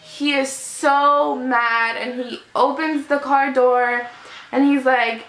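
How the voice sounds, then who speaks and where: High bright teenage girl, echoey room. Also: flat delivery, slow. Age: teens. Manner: chatty, lots of "like", emotional retelling. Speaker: vlogger. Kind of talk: storytime vlog. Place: home room in natural evening light.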